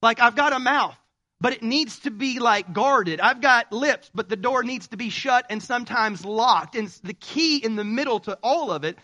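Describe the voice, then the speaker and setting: A man preaches a lively sermon in a high, bright voice. He keeps it casual and funny, talking straight to the congregation. Now and then he breaks into sudden loud bursts. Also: normal speed. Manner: humorous, conversational preaching with shouted bursts. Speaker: pastor.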